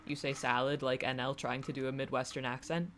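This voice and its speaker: A streamer chats over a game in a playful, joking way, laughing easily and reading the characters' lines aloud. The voice sits at a middling pitch, picked up on a desk mic with a faint hiss behind it. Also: level tone, brisk, fairly bright tone.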